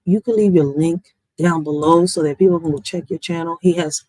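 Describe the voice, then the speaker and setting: A woman hosting a livestream, venting in a blunt, profane, animated way. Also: on the low side, a little fast, no echo, poor audio. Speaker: livestream host. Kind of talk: casual livestream rant.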